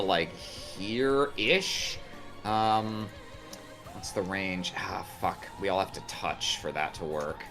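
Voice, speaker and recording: A man's voice: medium pitch, sharp tone. A man playing a tabletop game, thinking aloud about his turn and muttering in frustration. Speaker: player. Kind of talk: casual chat at a tabletop game.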